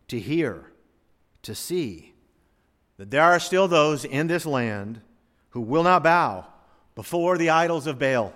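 A man preaching a sermon as pastor, dropping to a hush and then rising to a boom. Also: long reverb tail. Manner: preacherly, swings from hushed to booming.

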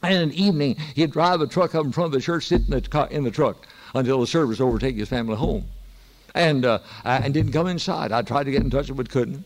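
A man's voice: medium pitch, quick pace. An older man, preaching a sermon and telling stories with emphatic exhortation. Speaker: pastor.

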